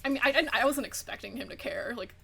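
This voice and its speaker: A woman's voice: high-pitched, fast talker, creaky, over music. A young adult woman streaming a game, chatting casually and animatedly, swearing freely and saying "like" a lot. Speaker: VTuber streamer. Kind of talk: casual chat while gaming.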